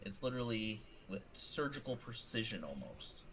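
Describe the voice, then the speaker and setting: A man's voice: on the low side, very animated, normal speed, a bit bright, a little hiss or hum, low-quality recording. A man narrating a tabletop horror game as game master, with loose, rambling description full of fillers.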